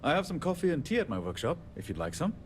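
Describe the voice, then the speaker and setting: A man's voice: on the high side, wildly swooping pitch, quick pace, a little hiss or hum. An actor playing a short-tempered, self-deprecating male handyman in a video game, speaking in a wry, joking way. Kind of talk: video game character dialogue.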